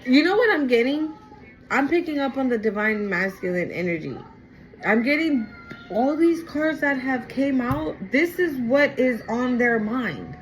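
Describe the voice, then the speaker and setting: A woman's voice: high voice, animated, measured pace, slight background noise, rough recording. A woman giving a casual spoken tarot reading to her viewers, talking in an emphatic, repetitive way. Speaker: tarot reader.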